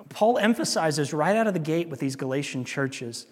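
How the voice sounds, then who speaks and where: A man's voice: a little high, expressive, moderate pace, hardly any pauses, in a large hall. A male pastor preaching a sermon in a conversational, emphatic way, often repeating his key points.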